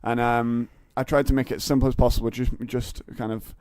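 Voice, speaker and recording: A man's voice: mid-range voice, flat delivery, fairly quick, a little mellow, smooth, no room sound, clean studio sound. A young man, a comedian and podcast guest, telling rambling stories in casual chat with lots of fillers and restarts.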